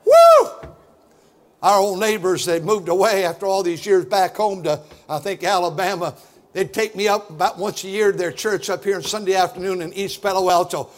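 A middle-aged man preaching a fiery sermon as pastor, loud and boisterous, building to shouts. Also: high-pitched, fairly even intonation, fairly quick.

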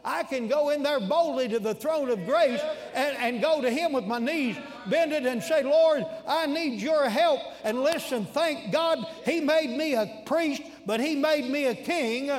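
A man preaching a sermon in a church, telling stories in a folksy, animated way with sudden shouts. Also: very high voice, measured pace, few pauses. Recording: long reverb in a large hall.

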